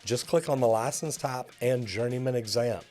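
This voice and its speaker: A man's voice: medium pitch, normal speed, darkish tone, faint music behind. A middle-aged man, a master plumber teaching the trade to viewers in an upbeat, direct coaching tone. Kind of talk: instructional video talk to viewers.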